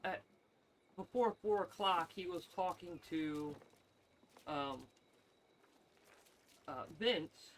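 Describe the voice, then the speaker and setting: A man recounting his workday to his partner in relaxed, halting speech full of ums and pauses. A faint background hiss sits under his voice. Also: high-pitched. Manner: relaxed, hesitant, many fillers. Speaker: streamer's partner. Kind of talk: casual chat.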